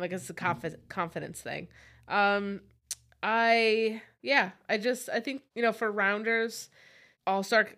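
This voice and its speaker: A woman's voice: mid-range voice, fairly bright tone. A woman chatting loosely about a movie with a co-host, full of asides and filler words. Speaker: podcast co-host. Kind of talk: casual movie discussion.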